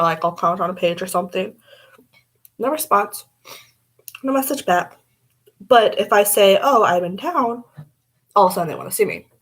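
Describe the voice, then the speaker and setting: A woman's voice: mid-range voice, fairly bright tone, breathy edge, poor audio. A young woman vlogging casually as she does her makeup, blunt and rambling, swearing freely.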